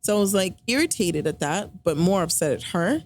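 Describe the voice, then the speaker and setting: A woman's voice: fairly low pitch, big pitch swings, a little fast, a little mellow, slight background noise. A woman guest on a podcast, telling a personal story in casual chat, full of fillers and acted-out quotes. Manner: chatty, many fillers, acts out quoted dialogue.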